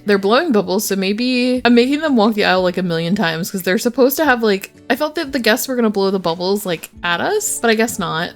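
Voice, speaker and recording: A woman giving chatty, excitable commentary while playing a life simulation game, narrating the characters and reacting to glitches. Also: mid-range voice. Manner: chatty, excitable, squeals when delighted. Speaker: gaming YouTuber. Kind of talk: casual Let's Play commentary.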